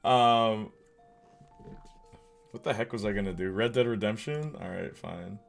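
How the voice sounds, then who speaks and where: A man streaming a game, chatting casually and answering his chat out loud. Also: fairly low pitch, unhurried, gravelly. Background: faint music.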